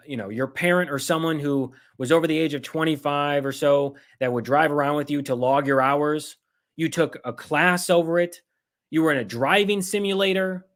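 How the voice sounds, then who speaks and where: A fairly high-voiced man on a livestream, ranting hotly. He curses freely and slips into mocking impressions of the people he attacks. The delivery is fired up and scornful. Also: fairly bright tone. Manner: heated, swearing, sarcastic mimicry. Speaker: political commentary host. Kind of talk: angry livestream rant.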